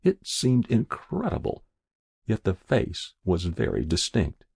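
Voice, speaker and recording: A man with a very deep, gravelly voice reads a story aloud in measured, expressive narration. His pitch moves in lively rises and falls, and the sound is close and dry. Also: no room sound.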